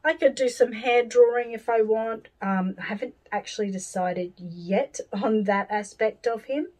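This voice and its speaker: A woman's voice: on the high side, unhurried, low-quality recording. Chatty Australian woman teaching a craft. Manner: rambling and cheerful, thinks out loud with fillers. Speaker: doll-making tutor.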